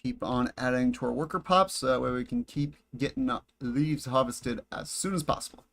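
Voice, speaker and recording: His voice sits at a medium pitch, creaky and a bit bright, delivered at a moderate pace. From a brightly lit, air-conditioned room at home, he casually narrates his game stream into a headset, trading jokes with chat and talking to himself.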